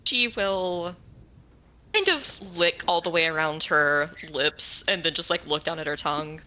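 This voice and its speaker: A woman's voice: fairly low pitch, a little slow, bright, forceful tone. A woman playing a tabletop game, giddy and crude, switching between her character and table talk. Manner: giddy and crude, bursts into squeals. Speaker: player. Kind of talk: tabletop role-play, in and out of character.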